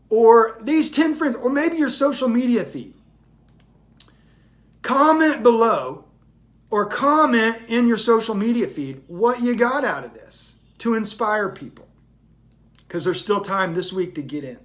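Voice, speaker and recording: A man's voice: high voice, big pitch swings, moderate pace, fairly bright tone. A man giving a motivational talk in an emphatic, repetitive style that builds in intensity. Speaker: motivational speaker.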